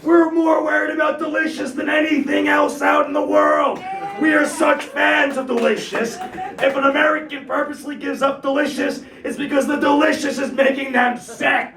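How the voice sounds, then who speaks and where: A man in his thirties with a very high voice tears through a stand-up set, shouting his rants and laughing through them, swearing freely. He is heard from a distance, and the room around him rings with echo. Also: flat delivery, moderate pace, creaky, a crowd in the background. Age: 30s. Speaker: stand-up comedian.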